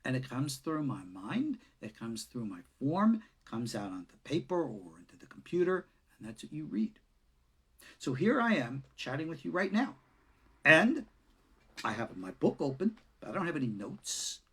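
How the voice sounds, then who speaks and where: A man, a rabbi, giving an unscripted lesson in an expressive way, swinging between loud and soft and chuckling now and then. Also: mid-range voice, moderate pace, breathy edge. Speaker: rabbi teaching Kabbalah. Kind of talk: unscripted lecture.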